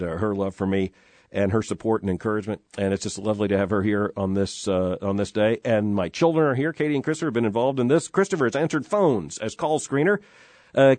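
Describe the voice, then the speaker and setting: A man's voice: fairly low pitch, a little mellow, no room sound. Earnest middle-aged male radio host, dry. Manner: earnest and emphatic, with frequent "uh" fillers. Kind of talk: reflective radio talk. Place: radio studio. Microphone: studio microphone.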